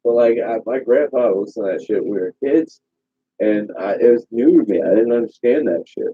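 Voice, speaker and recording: Swearing guy hosting a call chat, gravelly, all over the place pitch-wise. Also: a little fast. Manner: swearing, animated banter. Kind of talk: casual chat. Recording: tinny call audio.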